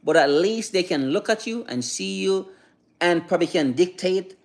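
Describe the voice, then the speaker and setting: Brief: male livestreamer, voice a bit above average pitch, loose rambling delivery full of restarts and "you know what I mean". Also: animated, moderate pace, creaky. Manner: reads and answers viewer chat. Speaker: livestreamer giving advice. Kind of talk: casual livestream talk.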